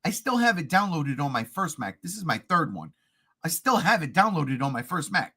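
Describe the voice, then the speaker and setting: A man hosting a casual podcast chat, excitable and profane, often laughing and shouting. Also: a little high, normal speed, slightly rough. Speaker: podcast host.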